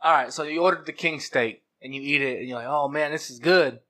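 A man chatting on a casual podcast. He rambles, stumbles, and restarts his sentences, trailing into fillers, with a bright, sharp edge to his voice. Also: fairly high pitch, a little fast. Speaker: podcast co-host.

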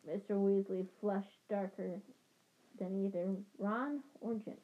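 Woman reading a novel aloud, halting. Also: mid-range voice, steady tone, narrow, tinny audio. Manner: halting, rereads stumbles. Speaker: reader.

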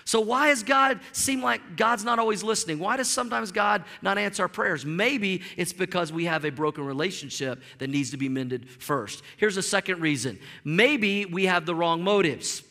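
A middle-aged man, a pastor, preaching an animated, storytelling sermon in a church, often repeating words as he builds up steam. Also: high-pitched, normal speed, gravelly, few pauses, big-room sound. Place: church sanctuary.

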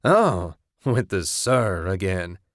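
A man playing a gruff, mocking squatter. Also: sits low, very animated, slow, no echo, clean studio sound, heavily acted. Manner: grumbling, cackling, sneering. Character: gruff scruffy male squatter, mocking and territorial.

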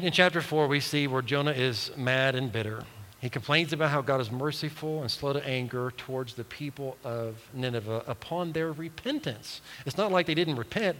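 A man preaching a sermon, earnest and emphatic, dropping to soft, quiet asides between his urgent appeals. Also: medium pitch, big-room sound, slight background noise, rough recording. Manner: earnest, rises to emphatic calls then drops to soft asides. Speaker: pastor.

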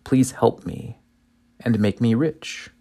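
A man's voice: mid-range voice, slow pace, warm tone. A man voicing a poor, humble monk who begs his master for help, within a story told in a sermon. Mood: pleading.

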